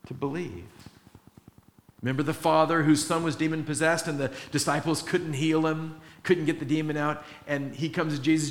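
A male pastor preaching a sermon, telling stories with animation and acting out the people in them. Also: on the high side. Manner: animated storytelling, acting out quotes with laughter. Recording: roomy echoey sound.

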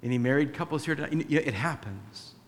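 A fast-talking pastor with a medium-pitched voice delivers a conversational sermon, acting out small dialogues with his wife. The church has a sound booth, the hall is reverberant, and there's slight hiss or hum.

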